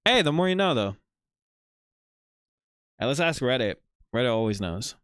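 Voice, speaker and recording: Relaxed rambling male stream host. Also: mid-range voice, normal speed, clean tone, dry recording. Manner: relaxed, rambling with many fillers. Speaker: livestream host. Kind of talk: casual livestream chat showcasing viewer art.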